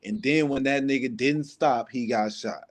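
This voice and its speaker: A man's voice: mid-range voice, moderate pace. A man in a casual group chat, blunt and profane, pushing his point hard.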